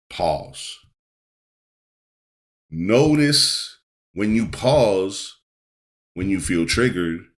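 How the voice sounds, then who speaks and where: A man's voice: deep voice, fairly bright tone. A middle-aged man hosting a podcast, coaching listeners on self-awareness in an emphatic, repetitive way, often checking in with "right?". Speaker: life coach and podcast host. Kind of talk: motivational podcast monologue.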